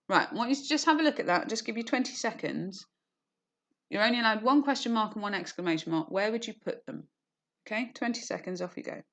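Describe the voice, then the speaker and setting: A woman teaching an online lesson, explaining clearly with frequent "okay" and "you know", and briefly acting out quoted lines. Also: mid-range voice, lively intonation, quick pace, a bit bright. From England. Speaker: English teacher.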